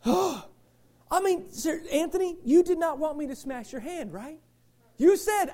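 A middle-aged male pastor, preaching a sermon and switching between shouted passages and quiet asides to the congregation. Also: very high voice, expressive, a little slow.

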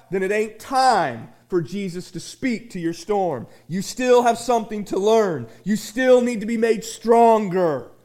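A very high-pitched man preaching. He rambles through folksy stories full of restarts, then rises into shouted refrains. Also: animated, unhurried, hardly any pauses. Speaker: pastor. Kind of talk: sermon. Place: small church sanctuary.

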